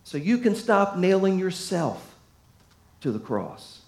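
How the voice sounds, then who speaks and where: A man preaching a sermon to a congregation, folksy and emphatic, swinging from loud to hushed. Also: sits high, very animated, slow pace, gravelly. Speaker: pastor. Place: church sanctuary. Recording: echoey room.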